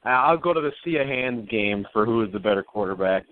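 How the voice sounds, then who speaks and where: A man's voice: fairly low pitch, expressive, brisk. A man co-hosting a sports talk podcast, teasing his friend with mock apologies and frequent laughter. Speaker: podcast co-host. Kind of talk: casual sports talk banter. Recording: tinny phone-like dry line.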